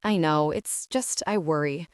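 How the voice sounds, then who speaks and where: A woman's voice: deep voice, unhurried, smooth, no echo, recorded from a distance. Woman doing a teasing southern teen guy, keeps pushing, dry sound a bit off mic. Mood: earnest. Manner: teasing and persistent.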